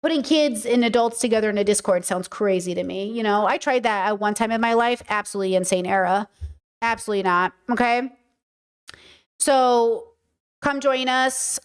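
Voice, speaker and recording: A woman's voice: a little high, moderate pace, clear, resonant tone. An American woman hosting a casual livestream, playful and chatty, swearing freely and repeating words for emphasis. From United States. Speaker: host.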